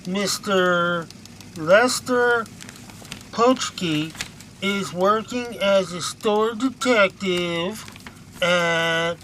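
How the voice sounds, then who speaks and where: Man playing timid young office assistant, dutiful, slow bright voice, audio drama. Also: high-pitched, a little hiss or hum, full character voice.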